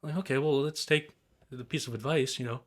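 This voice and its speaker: A young man chats casually on a podcast, rambling through stories in a relaxed, easygoing way. He speaks at an ordinary middle pitch and keeps things loose and informal, with the odd curse word. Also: fast. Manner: rambling, laid-back storytelling with swearing and mimicked turkey calls. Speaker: guest turkey hunter.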